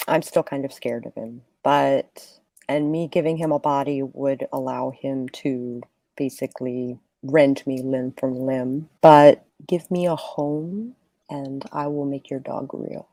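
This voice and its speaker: A woman narrating and running a tabletop role-playing game in a relaxed, descriptive way. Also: a bass voice, unhurried, no room sound. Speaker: game master.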